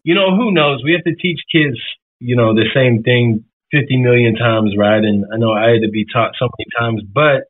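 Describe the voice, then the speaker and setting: A man's voice: mid-range voice, normal speed, a little hiss or hum. Earnest man on a tinny phone line. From Florida. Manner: earnest, reflective, gets emotional. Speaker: guest musician. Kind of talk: radio interview.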